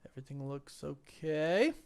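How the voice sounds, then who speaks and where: Man, weak gravelly voice, unhurried, lively swings in pitch, chatty live-stream host at home. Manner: chatty, greets viewers by name, hums to himself. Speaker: livestream host. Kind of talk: casual live-stream chat. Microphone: desk microphone.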